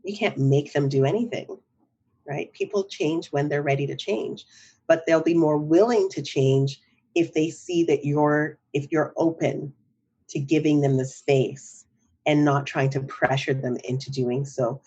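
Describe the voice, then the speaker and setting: A woman's voice: low voice, unhurried, mellow, husky, muffled recording. A middle-aged woman, a psychotherapist, talking in a podcast interview in a reflective way, often checking in with "right?". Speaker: psychotherapist guest.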